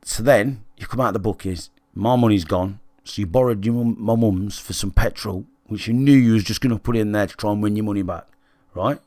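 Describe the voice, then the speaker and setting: A man's voice: on the low side, fairly quick, darkish tone, no room sound, studio quality. A British man livestreaming, telling a candid story to his chat in a blunt, sweary, conversational way and checking in with listeners. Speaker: gaming livestreamer.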